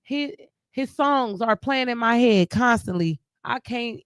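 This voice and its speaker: Grieving woman, smooth clear voice. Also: on the high side, measured pace, no echo, studio quality. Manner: emotional, rambling, restarts often. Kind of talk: casual chat. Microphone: live stream mic.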